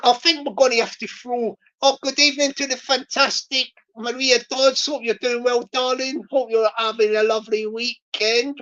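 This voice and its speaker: A woman's voice: sits high, a bit bright, muffled recording. A woman hosting a playful livestream, joking, repeating herself and greeting viewers by name. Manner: jokey, repetitive, greets viewers by name, laughs often. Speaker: livestream host.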